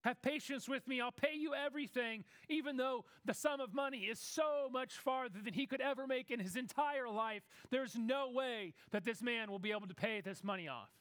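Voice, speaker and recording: Preacher, male, very high voice, dry close sound, conversational sermon delivery. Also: fairly bright tone, smooth, no room sound. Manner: conversational preaching, acts out Bible characters in quick asides.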